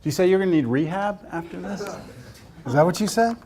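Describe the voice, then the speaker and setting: A man lectures in a classroom with a fairly high voice. He talks his way through the math casually, thinking aloud and slipping in jokes. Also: animated, fast talker, a little mellow. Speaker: calculus teacher.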